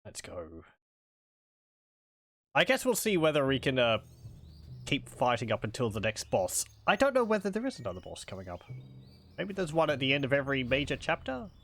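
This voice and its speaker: A man's voice: mid-range voice, huge pitch swings, normal speed, long pauses, fairly bright tone. A man hosting a casual let's-play, chatting and rambling as he plays and often correcting himself. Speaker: gaming video host. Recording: faint game music behind.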